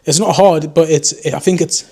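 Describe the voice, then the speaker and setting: A man's voice: fairly high pitch, fairly even intonation, normal speed, gravelly, a little mellow, husky. Rambling young man with a Geordie lilt. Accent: Geordie mixed with southern English. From North East England. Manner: rambling, loose, self-mocking. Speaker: drone vlogger. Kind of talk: casual unscripted chat to camera.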